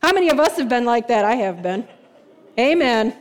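A woman's voice: a little high, animated, fairly quick. A woman preaching a sermon, retelling stories emphatically with lots of repetition.

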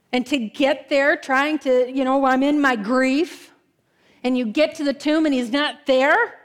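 High-voiced woman preaching a sermon. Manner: dramatic storytelling, slowing and dropping soft for emphasis.

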